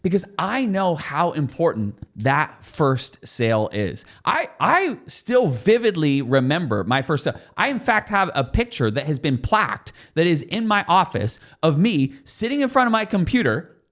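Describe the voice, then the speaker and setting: A man's voice: on the high side, very animated, moderate pace, a bit bright. A man guest on a podcast, an enthusiastic storyteller explaining business lessons. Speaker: guest expert.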